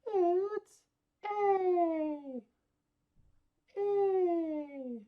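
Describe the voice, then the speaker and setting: A man voicing an eager little puppet dog who answers the teacher in a squeaky voice. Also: drawn-out words, narrow, tinny audio, full character voice.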